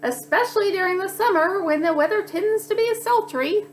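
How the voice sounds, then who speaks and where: A woman's voice: extremely high pitch, moderate pace, faint music behind, pitched above the performer's own voice. A woman voicing a prim, overly polite male pirate recruit who speaks in prissy, proper wording.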